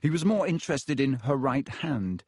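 Brief: male audiobook narrator, mid pitch, measured, dry close mic. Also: very animated, darkish tone, slightly rough, no room sound. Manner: measured storytelling. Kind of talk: scripted narration.

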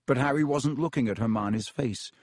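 A man reads a fantasy novel aloud in a measured, even storytelling voice of middle pitch. The sound is close and dry, with no room around it. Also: no room sound. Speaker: audiobook narrator. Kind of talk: scripted narration.

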